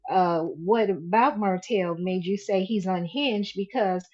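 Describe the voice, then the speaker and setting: A woman's voice: mid-range voice, unhurried, darkish tone. A woman hosting a live stream, her voice in a middle register. She presses her guest with pointed questions, and the sound comes through muffled and lo-fi. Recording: dull lo-fi audio.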